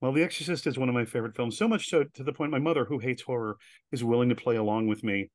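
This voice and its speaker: Animated male storyteller, dry close sound. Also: mid-range voice, fast talker, dry recording. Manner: animated storyteller who acts out quoted voices. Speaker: interview guest. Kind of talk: casual storytelling interview.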